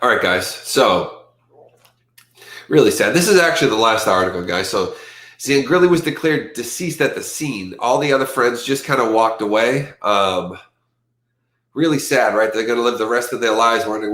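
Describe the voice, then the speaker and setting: Man, livestream host, casual rambling chat, stuffy from allergies, lowish voice, roomy echo. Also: moderate pace. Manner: rambling, animated when quoting others. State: allergies acting up.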